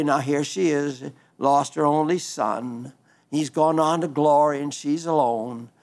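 A man in his nineties, a preacher reading listener letters in a folksy, halting way, with frequent restarts, growing fervent when he praises the gospel. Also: a little high, darkish tone. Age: 90s.

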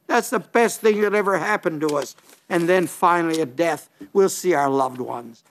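A man's voice: on the high side, normal speed, fairly bright tone. An older man preaching an earnest radio sermon, retelling stories with frequent restarts and repetitions.

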